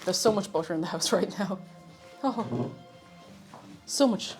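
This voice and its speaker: A woman's voice: lowish voice, animated, measured pace, faint music behind. Chatty Irish woman streaming while cooking. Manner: chatty, reads viewer messages aloud and answers them; talks while snacking, sometimes with a full mouth. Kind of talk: casual cooking livestream chat.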